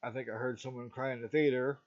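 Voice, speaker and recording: A man's voice: medium pitch, steady tone, fast talker. A middle-aged man reviewing a movie in a casual, rambling talk, often stopping to ask "okay?". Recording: dull lo-fi recording.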